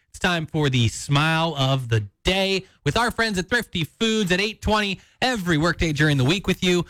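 A man's voice: high voice, fairly bright tone, dry recording. A man hosting a morning radio show, chatty and upbeat, reading links from a close studio mic. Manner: chatty, upbeat, laughs between lines.

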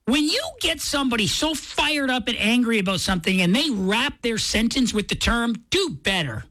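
A woman hosting a morning radio show, chatting in a playful, animated way. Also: fairly high pitch, normal speed. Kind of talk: casual radio chat.

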